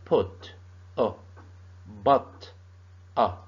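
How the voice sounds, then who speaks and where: Slow, halting male teacher. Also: mid-range voice. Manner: slow, halting, repeats sounds and words. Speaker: English teacher. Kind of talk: grammar lesson. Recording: dull lo-fi sound.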